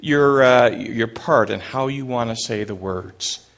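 A man of middle pitch delivers a church sermon in an easygoing, conversational way. He often pauses on "uh" and asks his congregation questions. He also drops small jokes between the points of his message. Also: a bit bright. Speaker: pastor. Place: church service before a congregation.

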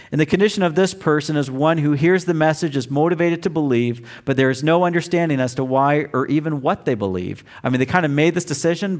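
A middle-aged man preaching a sermon, telling a personal story with acted-out quotes and emphatic shifts in pitch and volume. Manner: storytelling, acts out quotes loudly. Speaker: pastor.

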